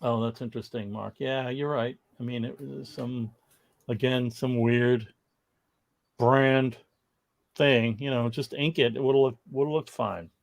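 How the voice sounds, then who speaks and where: Gravelly man chatting on a livestream. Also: mid-range voice, steady tone, a little slow. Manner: rambling, laughs often, reads viewer comments aloud. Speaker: co-host of a comics history livestream. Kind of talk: casual livestream chat.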